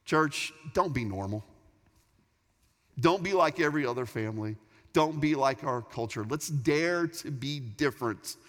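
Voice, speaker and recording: A middle-aged pastor delivers a sermon in an earnest, emphatic voice, often doubling back on his words as he builds each point. His voice sits at an ordinary male pitch. The big church hall lends every phrase a long, trailing reverb. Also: lively intonation, unhurried, fairly bright tone.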